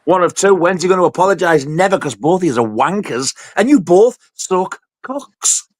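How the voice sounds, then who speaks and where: A man's voice: sits high, normal speed, no echo. Man, livestream co-host, crude and sweary, close dry sound. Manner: crude, swearing, animated storytelling. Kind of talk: casual livestream banter.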